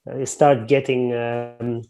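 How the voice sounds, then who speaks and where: A man's voice: medium pitch, level tone, slow pace, vocal fry, warm tone. A man with a mid-range voice explains the markets in an easygoing, offhand manner. He sounds like he is on a video call mic. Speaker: market analyst co-host. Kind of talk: casual webinar chat.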